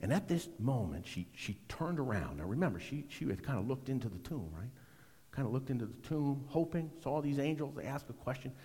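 A middle-aged man preaching a sermon, swinging between loud emphasis and hushed, almost whispered lines. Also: mid-range voice, sing-song, brisk, breathy edge, long reverb tail. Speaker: pastor.

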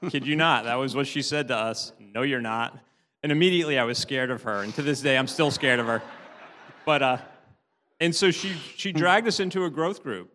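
A middle-aged man giving a tearful, halting personal testimony in church. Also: medium pitch, animated, sharp tone, a little hiss or hum. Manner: halting, many restarts, laughs often. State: tearful, sobbing at times. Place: church hall. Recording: long hall reverb.

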